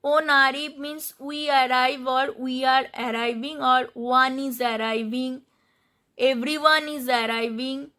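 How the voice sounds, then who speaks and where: A woman's voice: high-pitched, fairly even intonation, measured pace, bright, forceful tone. A woman teaching French pronunciation, explaining rules step by step, spelling out letters and repeating each word. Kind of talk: slow explanatory lesson.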